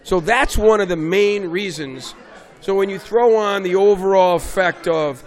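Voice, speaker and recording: A man's voice: high voice, a little slow. A middle-aged man, a basketball coach, telling stories in a casual interview and raising his voice for emphasis. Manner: animated storyteller, raises voice for emphasis.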